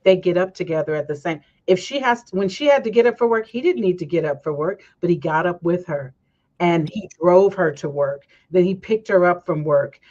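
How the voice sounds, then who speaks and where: Woman host chatting away, animated storyteller, kinda muffled lo-fi audio. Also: fairly low pitch, normal speed. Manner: animated storytelling, acts out quoted voices. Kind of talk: casual chat. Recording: dull lo-fi stream audio.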